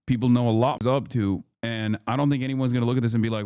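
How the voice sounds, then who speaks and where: A man's voice: mid-range voice, steady tone, quick pace, few pauses, warm tone, clear, resonant tone, dry recording. A man streams his reaction to a clip, blunt and exasperated, swearing freely. His mid-range voice comes through a close mic with a dry sound. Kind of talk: live stream reaction commentary.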